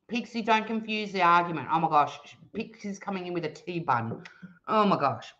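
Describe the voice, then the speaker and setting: An Australian woman hosting a casual live stream, reading viewer comments aloud in a playful, teasing and animated way. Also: medium pitch, normal speed, lo-fi sound. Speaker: livestream host reading chat.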